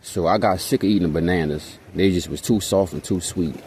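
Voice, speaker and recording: Over a noisy background, a young man from Hawaii talks fairly quickly in a low voice. He's a vlogger spinning profane, slangy, rambling stories in a casual monologue, constantly asking his audience "you know what I'm saying."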